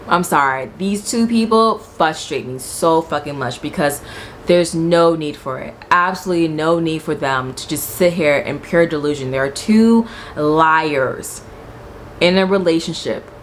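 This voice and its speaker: A young woman with a low voice talks through a reality show in a casual vlog. She is blunt and swears freely, acting out what the people said. Faint background noise sits under the voice. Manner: animated, blunt and profane, acts out quotes. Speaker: reality TV reviewer.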